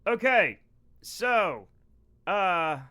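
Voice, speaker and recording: Bright, high-voiced joking male streamer. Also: sing-song, very slow, clear, resonant tone. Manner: rambling, jokey, talks to chat while playing. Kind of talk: casual gaming livestream chat.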